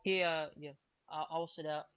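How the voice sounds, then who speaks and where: Smooth-voiced young Australian streamer, rambling. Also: male voice, a little high, steady tone, unhurried, fairly bright tone, dry recording. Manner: rambling retelling, filler-heavy. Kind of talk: casual chat over voice call.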